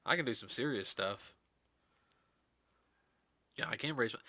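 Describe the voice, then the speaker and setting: A man's voice: mid-range voice, lively intonation, unhurried, sharp tone, dry recording. A tired man chatting casually as a podcast guest host, rambling with lots of fillers and restarts.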